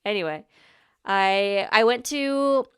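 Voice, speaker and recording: A woman's voice: medium pitch, lively intonation, slow, clean tone, no room sound, studio quality. Bubbly young woman chatting on her podcast. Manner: chatty and bubbly, rambling with restarts and little laughs. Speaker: podcast host. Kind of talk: casual solo podcast chat. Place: Orlando, Florida home.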